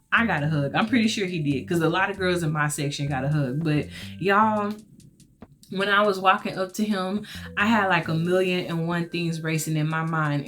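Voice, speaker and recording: A woman tells a personal story in a casual, chatty vlog style, leaning hard on her words and speaking straight to her listeners. Her voice sits fairly low for a woman. Soft music plays faintly underneath. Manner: chatty, emphatic, addresses listeners as y'all. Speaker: vlogger.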